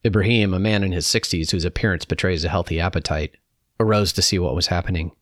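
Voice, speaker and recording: A man with a deep, low voice reads a first-hand reflection in a calm, measured way. The recording is close and dry, with no room sound around him. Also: no room sound. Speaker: narrator. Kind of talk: reading a personal reflection aloud.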